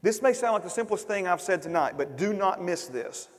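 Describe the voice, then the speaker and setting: High-voiced preaching man in a reverberant hall. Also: animated, brisk. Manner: fervent preaching, loud emphatic bursts then quiet asides. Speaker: pastor. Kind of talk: sermon.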